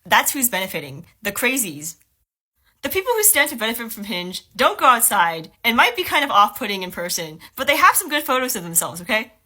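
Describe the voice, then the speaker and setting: A woman's voice: fairly high pitch, very animated, a little fast, pushed and bright. A woman talking casually to camera in a chatty way, full of fillers. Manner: chatty, lots of "like".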